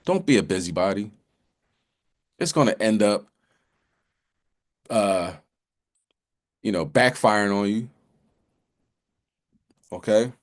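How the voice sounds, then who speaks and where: A man's voice: on the low side, expressive, slow, pauses often. A man giving a casual bible lesson, talking in a loose, conversational way with many restarts and repeated "you know"s. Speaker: religious teacher.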